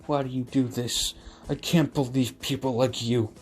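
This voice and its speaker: A man voicing a protective teenage boy hero, loud and outraged. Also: mid-range voice, fairly even intonation, moderate pace, soft background music, pitched above the performer's own voice, close to an everyday voice.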